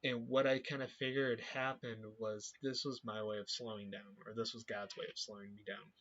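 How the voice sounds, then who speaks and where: A man leading a youth group, talking earnestly about his faith and often pausing to search for words. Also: lowish voice, flat delivery, a bit bright. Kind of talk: personal faith reflection to camera. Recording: dull lo-fi recording.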